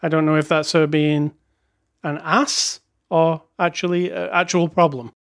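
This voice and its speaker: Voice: mid-range voice, level tone, unhurried. A podcast co-host chatting casually about a film, joking and chuckling between thoughts. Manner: jokey, chuckles, reads reviews aloud wryly. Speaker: podcast co-host reviewing films. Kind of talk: casual chat.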